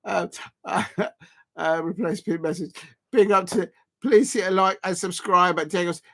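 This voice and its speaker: A man doing live football reaction commentary as a streamer, chatty and quick to exclaim. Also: high voice, fairly even intonation, vocal fry, bright, forceful tone. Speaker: live watch-along streamer.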